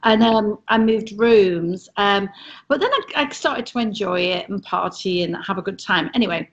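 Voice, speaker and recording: A woman's voice: medium pitch, normal speed, lo-fi sound. Chatty English woman telling stories. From England. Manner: chatty, self-mocking, laughs often. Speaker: guest, former cruise ship entertainer. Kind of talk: casual storytelling on a video call.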